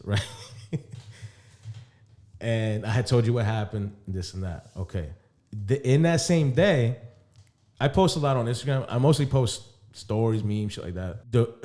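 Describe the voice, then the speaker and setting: Low, mellow-voiced man telling a story. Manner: animated storyteller, quotes conversations, frequent laughs and profanity. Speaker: podcast co-host. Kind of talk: casual storytelling chat.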